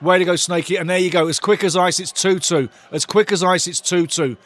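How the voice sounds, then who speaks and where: Excitable man hosting a football watch-along. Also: high-pitched, brisk. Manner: excitable, loud and sweary, talks to viewers in chat. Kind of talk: live fan commentary.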